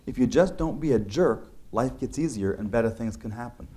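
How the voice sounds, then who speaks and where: This author's voice is mid-range and dark, expressive, and a little fast. He discusses his book's ideas earnestly in conversational talk, with frequent restarts and fillers.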